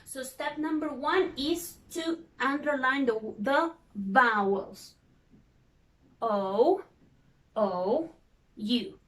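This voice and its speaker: Teacher: woman, high voice, very slow and patient, repeats each word for young learners. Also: a bit bright. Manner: slow, patient, repeats words and spells out vowels. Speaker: English teacher. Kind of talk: recorded lesson for young learners.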